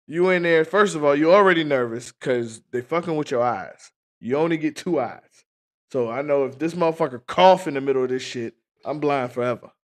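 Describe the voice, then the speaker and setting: A man hosting a livestream, telling a casual, profane story to his chat and acting out the scenes as he goes. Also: on the high side. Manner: animated, profane storyteller who acts out scenes. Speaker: livestream host.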